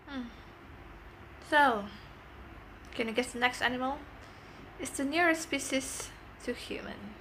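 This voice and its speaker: A young adult woman making a playful home video, introducing each animal sound in an easy, unhurried way. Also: a little high. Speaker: vlogger. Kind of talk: casual chat. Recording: noisy background hiss.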